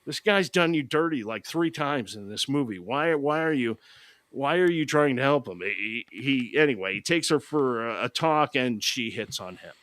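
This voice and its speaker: A man's voice: medium pitch, animated, moderate pace, a bit bright, dry recording. A man hosting a podcast, recapping a movie in a casual, sarcastic, mocking way. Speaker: podcast host.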